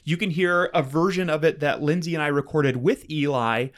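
A man's voice: fairly high pitch, normal speed. Guy cohosting a podcast, goofy laid-back banter. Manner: jokey, playful sign-off banter. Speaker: podcast co-host. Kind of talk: casual chat.

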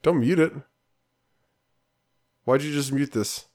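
A man's voice: mid-range voice, slow, darkish tone. A man co-hosting a casual podcast, laid-back, laughing often and teasing his co-host.

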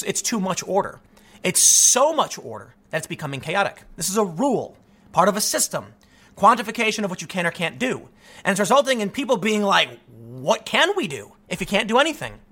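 An American commentary host rants through an opinion monologue, exasperated and piling on rhetorical questions. His voice is high with a sharp edge.

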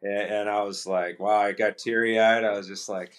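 Low-voiced middle-aged guy on a podcast, laid-back storytelling, does the other people's lines as he goes. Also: normal speed. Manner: relaxed anecdotal storytelling, acts out quoted dialogue. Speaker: guest, retired hockey player. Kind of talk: casual storytelling interview.

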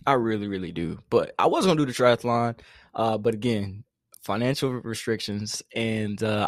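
A man's voice: sits low, dry recording, clean studio sound. A young man from the Carolinas co-hosting a podcast in casual, slangy chat, often laughing. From North Carolina. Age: young adult. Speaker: podcast co-host.

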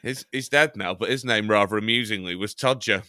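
A man from Chester, England co-hosts a podcast, trading loose, jokey banter, drifting onto tangents and swearing casually now and then. His voice is lowish, bright, and forward, and he talks briskly. The sound is dry and close, with no room sound at all.

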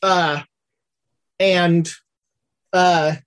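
A woman running a tabletop game as game master, narrating in a loose, halting way. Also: fairly low pitch, steady tone.

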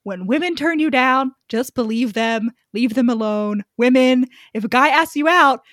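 A woman co-hosting a casual book podcast, animated and laughing often as she recaps and comments with free swearing. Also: high-pitched, moderate pace, dry recording, studio quality. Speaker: podcast co-host.

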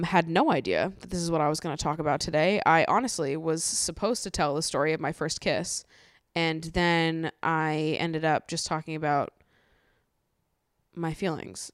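A woman with a slightly low voice talks straight into a close mic in a casual podcast chat. She is candid and blunt and swears freely. The room sound is dry and dead. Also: clean tone, no echo. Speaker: podcast host. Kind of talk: casual chat recapping a reality show.

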